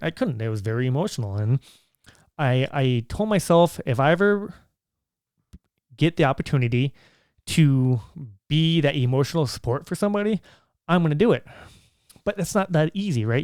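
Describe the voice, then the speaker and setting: A man's voice: mid-range voice, a little mellow, clear, resonant tone, no echo, studio quality. A man, a single father, telling a personal story to the camera in an earnest, reflective way that halts and restarts as he goes.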